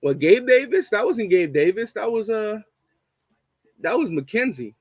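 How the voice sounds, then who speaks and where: A man's voice: high-pitched, sing-song, unhurried, a little mellow, no echo. Swearing young man on a fan stream. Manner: heavy swearing, repeats points for emphasis. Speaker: fan show host reading live chat. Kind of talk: casual live-stream chat.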